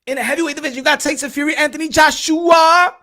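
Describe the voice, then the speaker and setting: A man's voice: very high-pitched, fairly even intonation, quick pace, pushed and bright. A man hosting a boxing podcast, ranting in a heated, profane way and firing off repeated rhetorical questions. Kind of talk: solo opinion rant.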